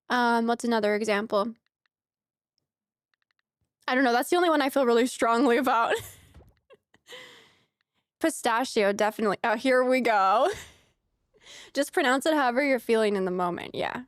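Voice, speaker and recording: A woman's voice: a little high, moderate pace, long pauses, no echo, clean studio sound. A young woman streaming a game, chatting casually with rambling asides and frequent laughter. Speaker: streamer playing a farming game. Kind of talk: casual let's-play chat.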